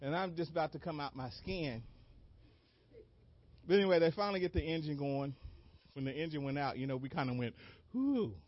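A man preaching a sermon as an animated story, acting out moments with sudden shouted cries and laughing along. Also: fairly high pitch, a little fast. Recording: dull lo-fi dry recording.

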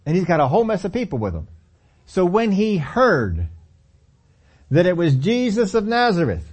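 A man delivering a sermon with a slightly high voice, speaking conversationally and dropping into the voices of the people in his story. His tone moves from casual explanation to emphatic points. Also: big pitch swings, normal speed, a little mellow, slightly rough. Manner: conversational, acts out scripture dialogue. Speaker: preacher.

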